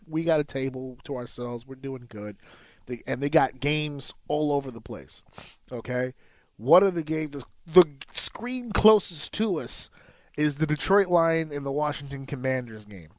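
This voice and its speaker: A man's voice: on the high side, darkish tone, dry recording. A man co-hosting a podcast, telling a casual, profane story and acting out his own reactions. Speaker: podcast co-host. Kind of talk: casual chat.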